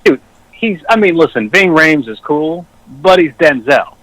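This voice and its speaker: A man guesting on a casual film chat podcast, excitable and emphatic, swearing a lot. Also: on the high side, a little slow, dry recording, rough recording.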